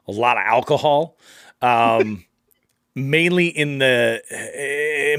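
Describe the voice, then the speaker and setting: A man's voice: medium pitch, a bit bright, clean tone, no echo, clean studio sound. A middle-aged man hosting a fishing podcast, chatting upbeat and rambling with plenty of fillers. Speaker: podcast host. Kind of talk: casual fishing podcast chat.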